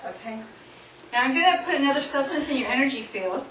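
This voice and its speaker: A woman with a fairly high voice runs a hands-on demonstration in front of an audience, coaxing volunteers and laughing often. She is heard from far off in a roomy, echoing hall. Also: animated, fast, a bit bright. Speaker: seminar speaker. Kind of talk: live workshop demonstration. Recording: distant, echoey room recording with noise.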